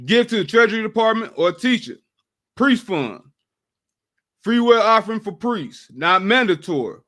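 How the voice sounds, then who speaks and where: Announcer for a church class, man with a high voice, quick list-like delivery. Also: very animated, sharp tone. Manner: brisk, list-like reading. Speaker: class member reading announcements.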